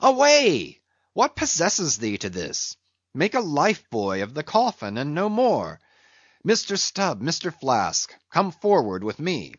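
A man's voice: a little high, huge pitch swings, slow pace, breathy edge, no echo, dull audio, exaggerated voice. A man voicing a stern ship's first mate who gives urgent, commanding orders. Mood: angry. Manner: urgent, commanding, rising to sharp outbursts.

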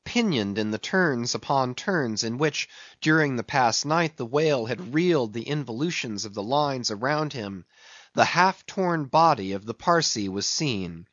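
A man's voice: mid-range voice, expressive, measured pace, fairly bright tone, dry recording, dull audio. Man narrating an audiobook, dry sound. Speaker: audiobook reader. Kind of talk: scripted narration of a classic novel.

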